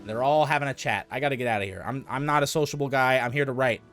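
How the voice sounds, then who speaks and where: Male streamer, mid pitch, casual excitable commentary, faint music bed. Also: quick pace. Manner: excitable, swears, reads game text aloud.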